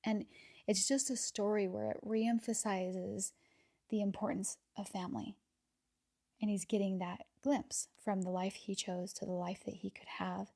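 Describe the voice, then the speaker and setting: A woman hosting a podcast, talking casually and with enthusiasm, sometimes dropping to a soft near-whisper and repeating words as she gathers her thoughts. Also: medium pitch, level tone, unhurried, creaky. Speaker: podcast host. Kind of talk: casual reflective monologue.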